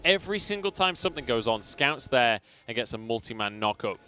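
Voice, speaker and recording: Lively-voiced male esports caster. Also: mid-range voice, fairly quick. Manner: jokey, chatty banter between calls. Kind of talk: play-by-play and colour commentary.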